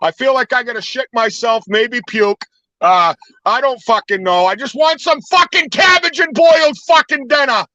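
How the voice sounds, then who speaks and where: A hungover man on the line while driving, ranting with heavy profanity and shouting at other drivers. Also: extremely high pitch, animated, normal speed, dry recording, dull audio.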